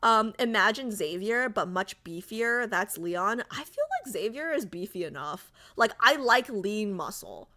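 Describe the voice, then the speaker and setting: Giggly streamer girl chatting w her viewers, voice bounces all over, real bright. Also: mid-range voice, lively intonation, measured pace, hardly any pauses. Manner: chatty and giggly, reading viewer comments aloud. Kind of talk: casual chat on a livestream.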